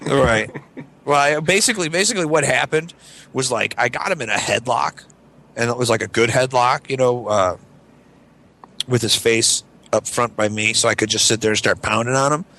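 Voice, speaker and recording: A man's voice: moderate pace, bright, forceful tone. A man co-hosting a casual chat, telling a long story and acting out the other people's lines. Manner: rambling storyteller who acts out quotes in shrill voices. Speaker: podcast co-host.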